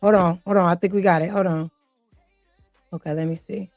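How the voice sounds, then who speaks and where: A woman's voice: fairly low pitch, steady tone, a little fast, darkish tone, dry recording, lo-fi sound, faint music behind. Chatty, flustered woman livestream host. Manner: chatty, flustered, laughs often. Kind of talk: casual chat to a live audience.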